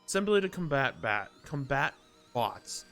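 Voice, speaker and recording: A man's voice: medium pitch, sing-song, unhurried, a bit bright. Male streamer, casual live chat, rambling and self-interrupting, faint guitar music underneath. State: a bit out of breath.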